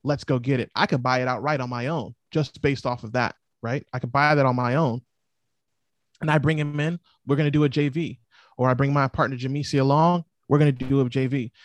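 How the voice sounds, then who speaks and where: Male interview guest, mid-pitched voice, dry close sound, animated and talkative. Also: a little fast, dry recording. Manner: animated, lively storytelling. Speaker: real estate investor guest. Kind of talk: casual interview chat.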